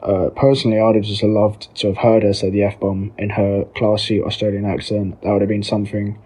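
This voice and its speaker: A man's voice: fairly low pitch, level tone, a little fast, warm tone, slightly rough. A man sending a friendly, easygoing voice memo to a podcast. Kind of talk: recorded voice memo.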